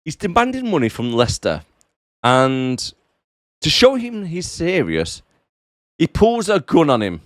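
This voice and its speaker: A man's voice: a little high, wildly swooping pitch, a little slow, pauses often, fairly bright tone, no echo, studio quality. A man co-hosting a film podcast, laid-back and sarcastic while recapping scenes. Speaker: podcast co-host. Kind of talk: casual film review chat. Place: home office.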